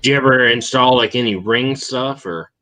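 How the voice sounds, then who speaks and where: Bright-voiced joking man. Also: mid-range voice, moderate pace. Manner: joking, playful. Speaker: panel guest. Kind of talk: casual panel chat.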